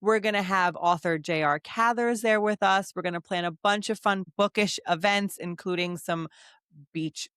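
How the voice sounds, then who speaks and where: A woman's voice: mid-range voice, normal speed, smooth, no room sound, studio quality. A woman co-hosting a book podcast, wrapping up the episode and promoting upcoming events in an upbeat, casual way. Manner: upbeat, promotional, lively delivery. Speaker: podcast co-host.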